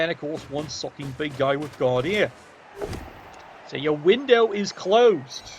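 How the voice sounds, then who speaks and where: A little slow in delivery, a man with an unusually high voice for a male narrates a game match, mocking dryly, swearing casually, and addressing the players head-on. A clear bed of background noise sits under everything.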